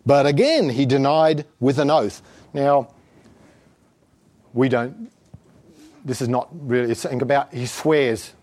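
A man's voice: medium pitch, a little slow, pauses often, darkish tone. A man preaching a sermon in an emphatic, exhortative way, chuckling often as he talks.

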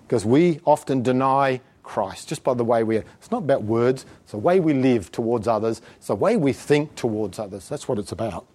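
A man's voice: medium pitch, mellow. A man preaching a sermon in an emphatic, exhortative way, chuckling often as he talks.

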